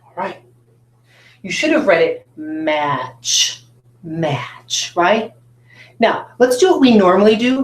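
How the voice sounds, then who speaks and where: A woman teaching a recorded phonics lesson at a whiteboard, talking to students with encouraging, drawn-out questions. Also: on the low side, echoey room. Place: classroom with a whiteboard.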